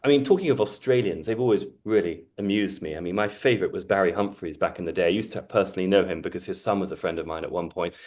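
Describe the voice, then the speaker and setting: A man's voice: low-pitched, fast, few pauses, darkish tone. A man from Britain, an astrologer talking in an earnest, reflective, teaching way. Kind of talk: casual conversation.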